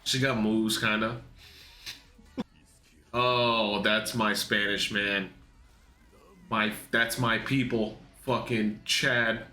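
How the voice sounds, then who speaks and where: Excitable, profane young man reacting to anime. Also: on the low side. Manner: excitable, profane, laughing, mocking the characters in put-on voices. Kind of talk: casual reaction commentary. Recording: echoey room.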